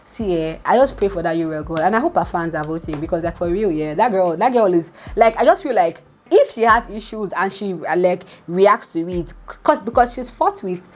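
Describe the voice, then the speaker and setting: A woman with a Nigerian English accent hosting a celebrity gossip channel, telling the story in a lively, dramatic way. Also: moderate pace. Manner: animated and dramatic, jumping high in pitch as she reacts. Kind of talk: casual gossip commentary.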